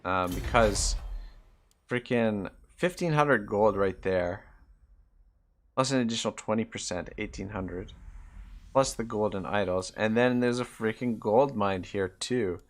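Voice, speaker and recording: A man's voice: lowish voice, measured pace. A man with an East Coast Canadian accent giving live commentary on a game he is playing, thinking aloud about his moves and swearing when annoyed. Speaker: gaming live streamer.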